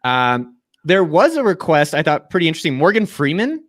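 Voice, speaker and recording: A man's voice: on the high side, sing-song, a little fast, fairly bright tone. A man in his thirties hosting a casual online chat, upbeat and slangy. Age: 30s. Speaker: host. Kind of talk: casual video-call chat.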